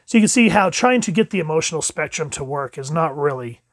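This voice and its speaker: Host: male comic reviewer, chatty, higher voice, dry close sound. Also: lively intonation, quick pace, no room sound. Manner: chatty, acts out quotes with jumps in pitch. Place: home room with dogs.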